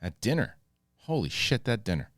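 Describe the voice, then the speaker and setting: A man giving a casual, profane spoiler review of a TV episode, acting out scenes in quick paraphrased quotes. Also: lowish voice, sing-song, fairly bright tone, no room sound, clean studio sound. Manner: rambling with restarts when moved. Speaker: film and TV reviewer.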